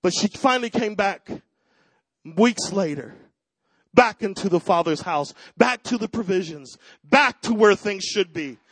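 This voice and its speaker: A middle-aged man, a pastor, preaching a sermon that moves from personal storytelling to loud, fervent declarations. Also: high voice, expressive, unhurried, no echo, low-quality recording.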